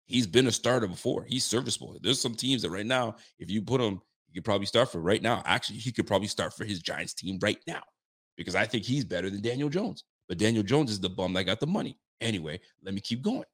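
A man with a fairly low voice hosts a late-night post-game reaction stream. He rants emphatically and answers his viewers directly. He is clearly fired up but keeps his volume in check. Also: animated, fast talker, fairly bright tone. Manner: ranting, emphatic, addresses viewers as folks; holding volume down while fired up. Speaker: sports fan show host.

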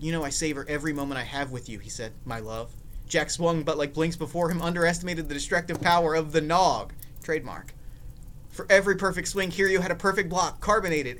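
High, bright-voiced playful man. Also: slight background noise. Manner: playful, theatrical, mock-dramatic reading. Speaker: podcast host. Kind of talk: comedic podcast, reading a listener story.

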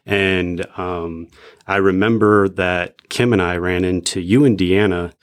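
A man sharing his faith testimony in casual chat, reflective and measured with frequent pauses and ums. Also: deep voice, fairly even intonation, clean tone.

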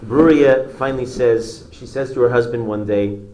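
A male religious teacher tells a story in a halting way, often restarting his phrases. His voice rings in an echoey room with a faint hiss behind it. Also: mid-range voice. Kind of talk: storytelling Torah class.

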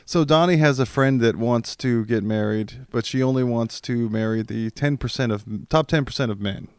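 A male podcast host making wry, deadpan jokes in casual chat. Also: medium pitch, moderate pace, clear, resonant tone, no echo, studio quality.

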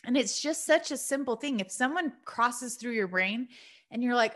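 A woman's voice: fairly high pitch, expressive, moderate pace, a bit bright. A woman in her thirties, a mom talking to listeners in an earnest, chatty monologue with many fillers. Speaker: mom podcaster. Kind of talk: casual heartfelt monologue.

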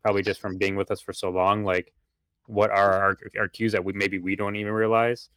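A man's voice: lowish voice, little pitch movement, brisk, fairly bright tone, clean tone, dry recording. A man hosting a casual interview who owns a dog, answering in a thoughtful, rambling way and giving short agreeing replies. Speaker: podcast host and dog owner.

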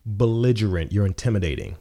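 A man's voice: lowish voice, expressive, fast talker, dark tone. A young adult man co-hosting a podcast, telling stories in blunt, profane casual chat. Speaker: podcast co-host.

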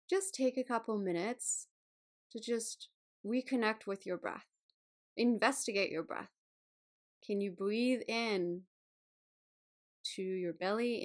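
A bubbly woman hosts a wellness podcast, talking casually and breaking into laughter often. She swears lightly and keeps an upbeat, encouraging manner at a middling pitch. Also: fairly bright tone. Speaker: podcast host.

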